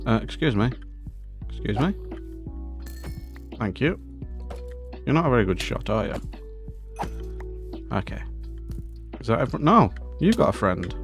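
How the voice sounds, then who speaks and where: Man, lower voice, casual let's-play commentary, chatty and mock-indignant, faint music behind. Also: animated, a little slow, vocal fry, pauses often. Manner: chatty, talks to game mobs in mock-posh indignation. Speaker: Minecraft let's-play host.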